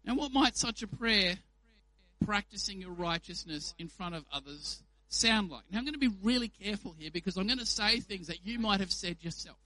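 High, bright-voiced preacher. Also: male voice, a little fast, dry recording, rough recording. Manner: conversational, animated, with playful examples. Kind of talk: sermon.

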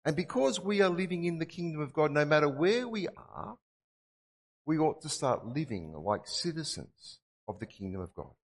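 A man's voice: on the high side, sing-song, moderate pace, in a large hall. A man preaching a sermon, earnest and repeating his key phrases for emphasis. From Australia.

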